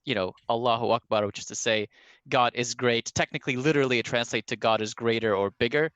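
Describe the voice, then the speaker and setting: A man's voice: medium pitch, fairly even intonation, fast, a bit bright, no room sound, lo-fi sound. A man in a casual group call, chatty, laughing often and explaining with restarts. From Arab background.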